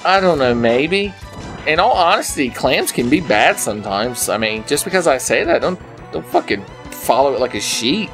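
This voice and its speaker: A slightly drunk young man plays a video game and talks over it, with rambling, foul-mouthed commentary that drops to mutters and then jumps into shouts. His voice sits at an ordinary middle pitch, his words slur a bit, and faint game music plays underneath. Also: expressive, normal speed. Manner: rambling, profane, swings between mutters and yells. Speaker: gaming video maker. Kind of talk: drunken let's play commentary. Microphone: headset.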